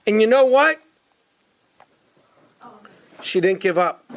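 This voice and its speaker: A woman telling a story in a lively, conversational way, with asides to her listeners. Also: mid-range voice, slow pace. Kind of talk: storytelling to an audience.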